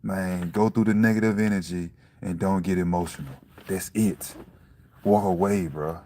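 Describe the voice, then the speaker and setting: A man giving a casual, profane motivational talk about staying calm, repeating himself to press his point. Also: low voice, moderate pace, a little hiss or hum. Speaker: vlogger.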